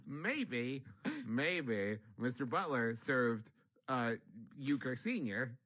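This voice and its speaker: A man on a comedy podcast with a bright, forceful voice. He poses silly questions with a straight, mock-serious delivery. His pitch sits in the middle range. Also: animated, very slow. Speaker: podcast co-host.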